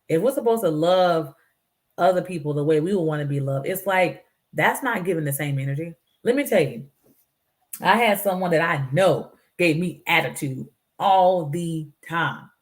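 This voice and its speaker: A woman hosting her own show, giving earnest, preachy life advice and acting out the voices of people she quotes. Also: low voice. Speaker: show host. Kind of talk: motivational talk.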